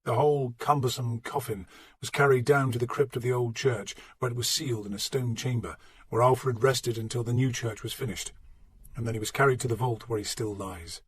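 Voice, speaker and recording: A man narrating an audiobook in a measured, steady storytelling manner. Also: mid-range voice, slight background noise. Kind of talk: scripted narration.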